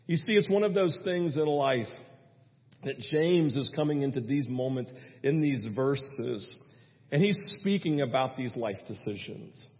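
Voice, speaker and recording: A young man preaching a sermon, telling a personal story with animated delivery and acting out his own prayers. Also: medium pitch, unhurried. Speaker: pastor. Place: church sanctuary. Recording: dull sound with long hall reverb.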